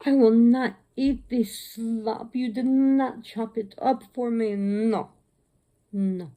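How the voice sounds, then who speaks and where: A woman's voice: a little high, steady tone, slow pace, dark tone, voice pushed up. A woman voicing her female dog as a picky, haughty creature who refuses her food with fussy indignation. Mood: indignant.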